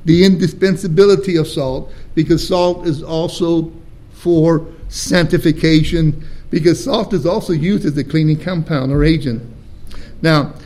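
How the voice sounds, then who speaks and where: A pastor preaching a sermon with emphatic, deliberate stresses and rhetorical questions to his congregation in church. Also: on the high side, warm tone.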